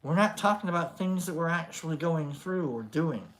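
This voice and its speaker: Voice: mid-range voice, lively intonation, normal speed. A stream host reading a philosophy book aloud, stopping to repeat and stress phrases and to make jokey asides to the chat.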